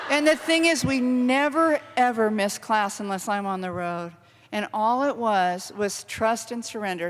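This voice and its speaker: A middle-aged woman author giving an animated, self-deprecating storytelling talk to a university audience. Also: medium pitch, normal speed, in a large hall. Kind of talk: lively storytelling lecture. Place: university lecture hall.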